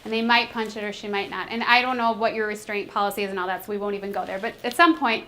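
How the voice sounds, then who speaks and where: A middle-aged woman presenting a teaching workshop, conversational and animated, breaking into short acted classroom scenes. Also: mid-range voice, fast. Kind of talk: teaching presentation with role-play demonstration.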